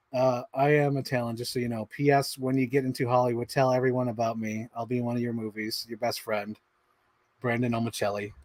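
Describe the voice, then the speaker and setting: Animated man reading his old yearbook. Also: medium pitch, dry recording. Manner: animated, swearing, laughing, easily sidetracked. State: out of breath. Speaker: livestream host.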